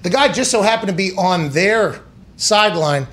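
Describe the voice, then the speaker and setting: A man's voice: sits high, animated, normal speed, fairly bright tone. A man hosting a sports talk show. He rants in a sarcastic, profane way and slips into mocking voices. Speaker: podcast host.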